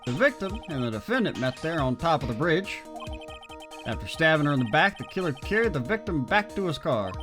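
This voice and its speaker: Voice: medium pitch, sing-song, brisk, music in the background, close to an everyday voice. A player doing a stammering nervous detective. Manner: stammering, hesitant. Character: bumbling lovestruck male detective, nervous.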